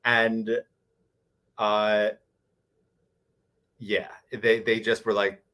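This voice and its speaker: A man's voice: lowish voice, little pitch movement, extremely slow, bright, forceful tone. A man on a convention panel, animatedly telling a tabletop game story with many restarts. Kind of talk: casual panel chat.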